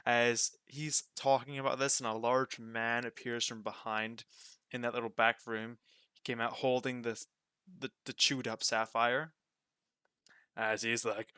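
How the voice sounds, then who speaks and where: A man's voice: mid-range voice, flat delivery, moderate pace, sharp tone, smooth, no echo, studio quality. A man narrating a tabletop game as game master in a casual, descriptive way.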